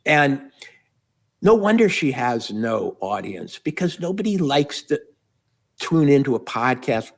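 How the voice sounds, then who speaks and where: A man's voice: medium pitch, very animated, measured pace, gravelly. Middle-aged male guest pundit with a mid-range voice, wry and rambling, builds his points through repetition. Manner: wry, meandering, piles up repeated phrases. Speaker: guest commentator. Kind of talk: political commentary.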